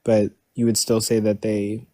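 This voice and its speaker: Man debater, low mellow voice, dry close sound, hesitant questioner. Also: completely flat delivery, unhurried, no echo. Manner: hesitant, many fillers. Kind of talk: live-stream debate. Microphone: live-stream mic.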